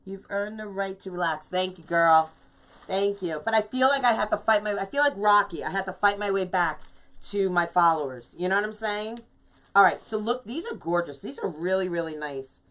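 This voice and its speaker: A middle-aged woman talks viewers through a craft project on a livestream, in an easygoing, chatty way. She greets people by name between steps. Her pitch sits in an ordinary middle range, and she sounds relaxed and friendly as she talks. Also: moderate pace. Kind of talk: casual live craft demo.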